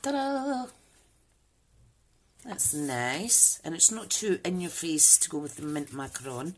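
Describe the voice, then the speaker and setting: A woman's voice: low-pitched, animated, slow. A woman hosting a live crafting demo, chatting and thinking aloud as she works and greeting viewers by name. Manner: chatty, rambling, thinks aloud while working. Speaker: crafting channel host.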